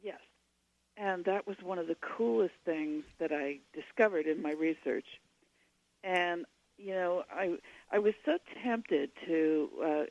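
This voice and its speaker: A woman's voice: lowish voice, gravelly, dark tone. A woman guest talking casually in a radio interview, chatty and full of restarts, heard over a remote line. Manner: chatty, many fillers and restarts. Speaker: guest author. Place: at home. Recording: slightly dull lo-fi line.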